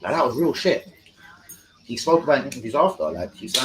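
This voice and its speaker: A man hosts a live stream and chats about football, rambling and swearing a lot. He gets excitable, and his voice sits at an ordinary middle pitch. A faint hum of noise runs behind him. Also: fast, poor audio.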